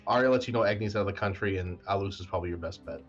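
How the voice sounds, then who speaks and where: A man's voice: deep voice, racing, dull audio, faint music behind. A man narrating a tabletop game as game master in a casual, filler-heavy way.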